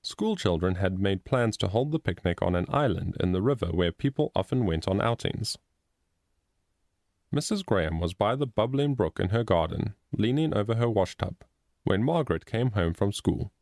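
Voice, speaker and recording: A man narrating a storybook chapter in a steady, expressive reading. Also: on the low side, normal speed, no echo, studio quality. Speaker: audiobook narrator.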